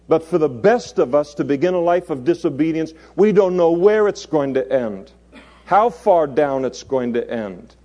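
A man's voice: fairly high pitch, lively intonation, normal speed, warm tone, highs cut off. A man preaching an expository sermon in a conversational way, chuckling and adding playful asides.

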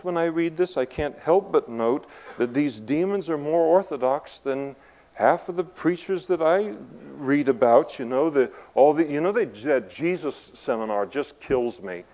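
A man preaching a sermon as a pastor, emphatic, with conversational asides, swinging between quiet and loud passages. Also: mid-range voice, low-quality recording.

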